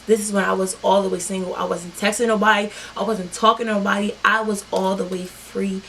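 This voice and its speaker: A woman telling a story in a casual vlog, animated and profane, acting out her own lines and other people's. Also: medium pitch, slight background noise, low-quality recording. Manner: animated, profane, quotes herself and others in dialogue. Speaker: vlogger.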